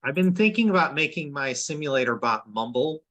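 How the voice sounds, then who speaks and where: A man's voice: on the high side, sing-song, brisk, a bit bright, highs cut off. A man in a casual group meeting, chiming in with jokes. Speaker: group member.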